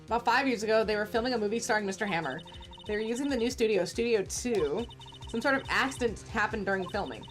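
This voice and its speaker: A polite young woman who works at a film studio in a video game, read by a woman in her own voice. She delivers news in a matter-of-fact way. The voice is fairly high, with faint music behind. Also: animated, fast talker, lightly acted.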